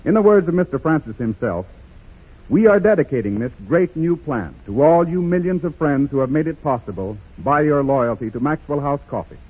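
A man reading a scripted sponsor announcement as a radio announcer, in an upbeat pitchman delivery. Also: animated, fairly quick, husky. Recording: tinny 1930s radio broadcast with music behind.

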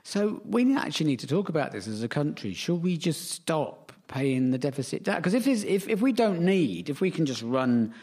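A comedian on a panel, speaking in a dry, mock-serious way. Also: male voice, a little high, big pitch swings, normal speed, few pauses, a little mellow. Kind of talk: comic panel discussion.

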